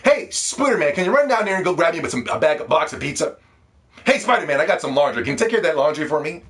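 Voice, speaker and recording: Pestering male game townsperson, rushed favor requests, raised pitch, as a man puts him on. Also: sing-song, fairly bright tone.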